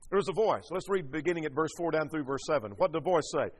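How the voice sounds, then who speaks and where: A man's voice: fairly high pitch, fast talker, slightly rough, in a large hall. A man teaching a sermon, reading scripture aloud and explaining it verse by verse. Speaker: preacher.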